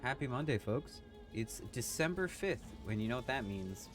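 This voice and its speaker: A man's voice: medium pitch, expressive, moderate pace, over music. A man streaming a game, chatting in an offhand, joking way as he plays. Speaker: gaming streamer. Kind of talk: casual let's-play commentary.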